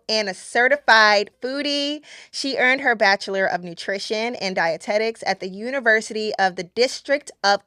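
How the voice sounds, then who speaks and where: An American woman hosts a podcast in a slightly high voice. Her manner is enthusiastic and giggly. The recording is dry and close, with no room sound. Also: fairly bright tone, no room sound. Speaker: podcast host. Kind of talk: casual podcast hosting.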